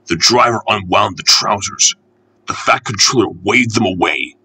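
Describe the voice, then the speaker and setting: A man reading a children's storybook aloud, gentle, unhurried and expressive. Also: on the low side, slightly rough, rough recording.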